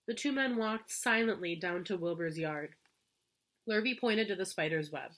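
A woman teacher reading a children's storybook aloud to fourth graders in a gentle, expressive way. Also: lowish voice, moderate pace.

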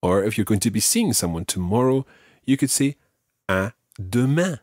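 Male podcast teacher, patient and methodical, lively intonation, dry close mic. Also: lowish voice, normal speed, no room sound. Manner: patient, explains step by step and models pronunciation. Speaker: language teacher. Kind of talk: podcast language lesson.

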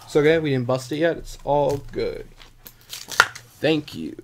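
A man hosting a live stream, opening sports card packs, joking casually and clearing his dry throat often. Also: a little high, measured pace, pushed and bright, a little hiss or hum.

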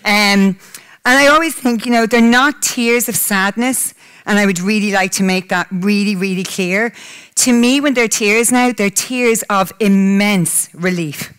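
A woman's voice: medium pitch, unhurried, a bit bright, clean tone. Tearful woman speaking candidly. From Ireland. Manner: candid, emotional, breaks into laughter. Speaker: public speaker. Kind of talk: personal talk to a live audience. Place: conference hall.

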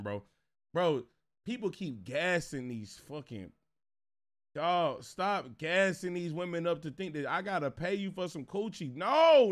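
Animated high-voiced streamer man. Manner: animated, swings from low mutters to loud laughing outbursts. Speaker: streamer reacting to clips. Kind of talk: casual reaction stream chat.

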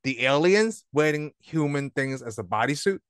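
A man's voice: a little high, lively intonation, moderate pace, clear, resonant tone, no echo, studio quality. A man co-hosting a casual podcast about movies, rambling and laughing often as he trails off mid-sentence. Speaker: podcast co-host. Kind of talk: casual movie review chat. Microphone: own microphone, remote call.

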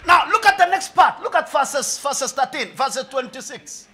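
A man preaching a sermon, mixing in Swahili and humor, swinging from hushed lines to shouts. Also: very high voice, expressive, moderate pace. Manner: mixes English and Swahili with humor. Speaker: pastor.

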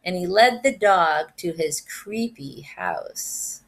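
A first grade teacher, a woman, reading a picture book aloud in an animated, expressive way. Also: lowish voice, slow.

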